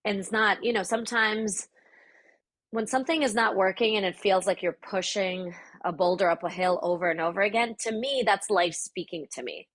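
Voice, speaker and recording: Woman, from the Soviet Union, native Russian speaker, podcast guest, thoughtful, reflective, mid-pitched. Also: moderate pace, fairly bright tone. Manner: thoughtful, searching for words. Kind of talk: reflective conversational interview.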